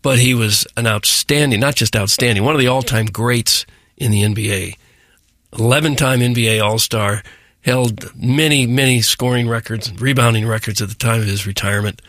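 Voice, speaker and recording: Dry, matter-of-fact sports radio co-host. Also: male voice, mid-range voice, normal speed, fairly bright tone, no room sound.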